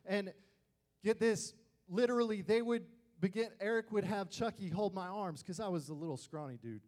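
His voice sits high and moves at normal speed as this young man preaches to youth. The youth pastor shares family stories in a lively way, performing the voices of the people he quotes.

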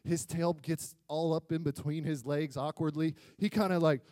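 High-voiced, animated male pastor. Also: moderate pace, no room sound. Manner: animated and joking, swinging between loud and quiet. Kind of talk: sermon.

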